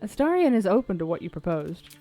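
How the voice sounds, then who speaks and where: A woman's voice: mid-range voice, big pitch swings, a little fast, mellow. A woman streaming a video game, chatting casually, swearing and laughing easily. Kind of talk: casual gameplay commentary. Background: faint game music.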